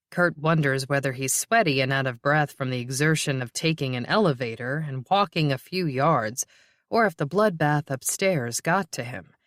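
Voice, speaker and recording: A steady audiobook narrator reading prose at an even, measured pace. The voice sits at a middle pitch. The recording is dry with no room sound. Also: no room sound.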